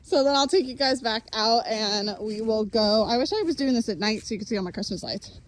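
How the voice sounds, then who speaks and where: A young woman giving a casual walking tour of her farm, chatty and upbeat, a little out of breath, filmed on a handheld phone. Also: brisk. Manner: chatty, upbeat, calls animals in a high voice. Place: outdoors on a farm and in a barn. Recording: faint outdoor background noise.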